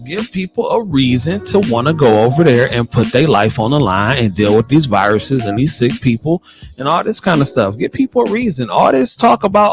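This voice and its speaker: An American man hosting a nursing podcast, reading news items aloud and reacting bluntly with animated exclamations. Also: medium pitch, moderate pace, faint music behind. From United States. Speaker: nurse podcast host. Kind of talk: casual commentary on news articles.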